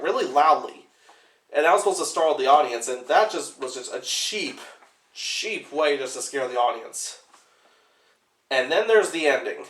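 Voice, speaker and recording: A young man giving an unscripted movie review in casual commentary, rambling and filling nearly every pause with "like". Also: a little high, fairly bright tone. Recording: echoey room.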